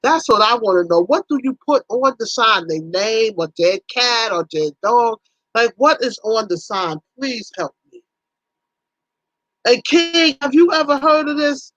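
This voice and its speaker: A woman's voice: a little high, expressive, measured pace, no room sound, lo-fi sound. A woman hosting a casual livestream, talking animatedly with viewers, teasing them by name and exclaiming often. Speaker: livestream host.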